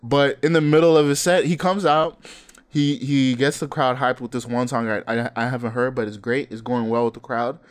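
A young man co-hosting a podcast, casually telling stories, laughing often and breaking into loud impressions of hype men. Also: medium pitch, steady tone, moderate pace, clear, resonant tone. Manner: laughing storyteller, mimics hype men with yells. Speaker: podcast co-host. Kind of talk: casual chat.

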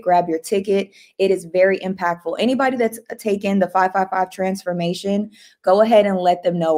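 Upbeat woman, livestream host, slightly low voice, eager and restless delivery. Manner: excitable, upbeat, restarts and repeats herself. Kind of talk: casual motivational livestream talk.

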